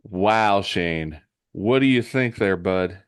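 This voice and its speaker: A man's voice: sits low, lively intonation, slow, clean tone, no echo, studio quality. A man hosting a comic book podcast, narrating scenes and chatting encouragingly with his co-host. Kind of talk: comic book recap and casual discussion.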